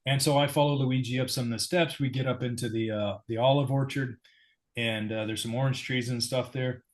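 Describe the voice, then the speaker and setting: A man's voice: mid-range voice, fairly even intonation, brisk. An American man from the United States, a guest in a sit-down interview, telling a personal story in an easygoing, self-deprecating way.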